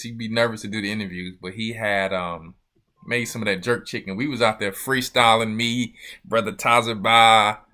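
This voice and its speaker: A man's voice: on the low side, sharp tone. A man, a church elder, hosting a loose, joking livestream chat with viewers. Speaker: church elder and show host.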